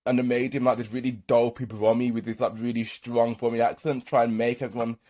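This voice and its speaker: A man from Birmingham co-hosting a podcast, talking in relaxed casual chat full of "like". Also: medium pitch, a little fast. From Birmingham, England. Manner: relaxed, lots of "like" fillers. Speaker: podcast co-host.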